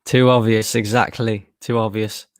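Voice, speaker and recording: A man's voice: lowish voice, flat delivery, moderate pace, clear, resonant tone, no echo, studio quality. A young man from Lincolnshire streaming a live football watchalong, reading chat aloud, chatty and sweary, laughing often. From Lincolnshire, England.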